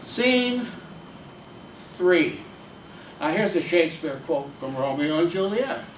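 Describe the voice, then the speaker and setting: A man, a teacher and playwright, performing a solo stage monologue with halting speech full of fillers. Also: fairly high pitch, very animated, slight background noise. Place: stage in a theater. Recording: echoey room, distant mic, faint ambience.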